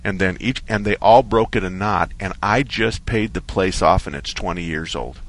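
A man hosting a call-in radio show about cars, telling a long story in a relaxed, rambling way. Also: sits low, moderate pace. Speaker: radio car-advice show host. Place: radio studio.

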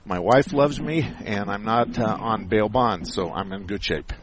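A man's voice: on the low side, a little slow, heavy background noise. A man hosting a call-in radio show about car repair, explaining things step by step in a folksy way. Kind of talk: call-in radio advice chat.

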